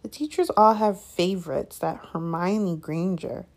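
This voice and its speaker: A woman's voice: a little high, wildly swooping pitch, normal speed, a little mellow, voice pushed up. A woman doing whiny schoolboy Draco. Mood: petulant. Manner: whiny, petulant. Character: spoiled, sulky schoolboy.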